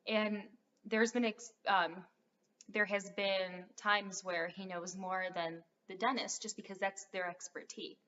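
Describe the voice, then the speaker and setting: A woman's voice: mid-range voice, fairly even intonation, measured pace, fairly bright tone, a little hiss or hum. A young adult woman rambling through a casual vlog, full of fillers as she talks straight to her viewers. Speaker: vlogger. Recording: dull lo-fi sound.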